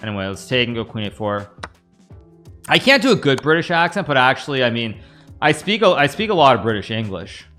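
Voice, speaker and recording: Man, chess streamer, chatty and rambling, lively pitch, faint music behind. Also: a little fast. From United States. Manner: chatty, rambling, talks to chat while playing. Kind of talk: live-stream commentary.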